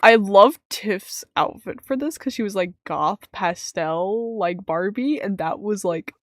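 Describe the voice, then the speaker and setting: A woman hosting a livestream, chatting casually and excitably with lots of "like". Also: mid-range voice, unhurried, no echo, clean studio sound. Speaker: VTuber host. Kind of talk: casual chat.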